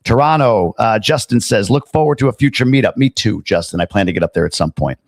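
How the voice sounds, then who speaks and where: A man's voice: fairly low pitch, animated, quick pace, dry recording, clean studio sound. A middle-aged man hosting a casual live stream, chatting loosely, reading out viewer comments and tossing in jokey asides. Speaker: livestream host.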